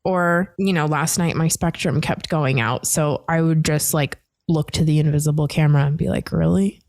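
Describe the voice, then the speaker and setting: A young woman hosting a podcast in casual chat, telling lively self-mocking stories. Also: sits low, normal speed, no echo, clean studio sound. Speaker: podcast host.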